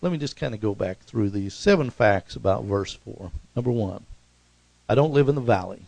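A man preaching a sermon as pastor, swinging from emphatic, raised lines to soft, low asides, with calls to the congregation. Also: expressive, normal speed, vocal fry, dry recording, low-quality recording. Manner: rises to emphatic peaks, then drops soft and low; preaching with congregational call-outs.

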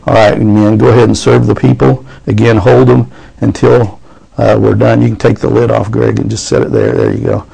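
A man preaching a sermon as pastor, fervent and rising into excited preaching. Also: lowish voice, moderate pace, gravelly, slightly rough, rough recording.

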